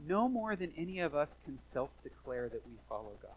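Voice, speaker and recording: A man preaching a sermon as pastor, animated, swinging from hushed asides to loud emphatic lines, in a church. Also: mid-range voice, brisk, husky, low-quality recording.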